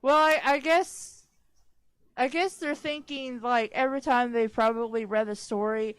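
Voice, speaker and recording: Slow-reading woman with sarcastic asides. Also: a little high, fairly even intonation, smooth, no echo. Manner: slow, stumbles over names, sarcastic asides. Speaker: podcast host reading fanfiction aloud. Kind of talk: casual reading with commentary.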